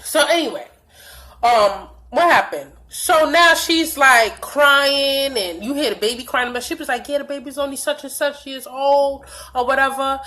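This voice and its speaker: A young woman vlogger tells a blunt, profane storytime, animatedly reenacting lots of dialogue. Her high-pitched voice is unhurried and a little stuffy from allergies.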